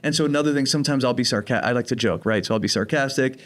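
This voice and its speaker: A man from New Jersey with a light accent of his home state speaks in a podcast interview. His voice sits at an ordinary middle pitch, and he explains things calmly and patiently with a playful, joking streak. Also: rapid-fire. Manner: calm, explanatory, jokey. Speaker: program director of teen residential treatment.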